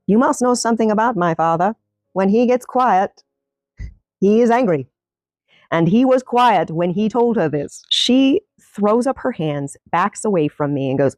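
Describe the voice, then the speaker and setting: Animated woman telling a wry story. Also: mid-range voice, normal speed, no echo. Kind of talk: storytime narration.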